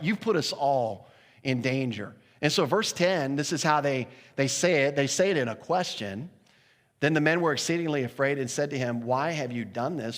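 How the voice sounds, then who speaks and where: A man delivers a sermon at a medium pitch, moving between explanation and playful retellings of the characters. His voice rings out with a long reverb in a large church space. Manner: animated, acts out the sailors' voices with laughs. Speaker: pastor. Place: church sanctuary.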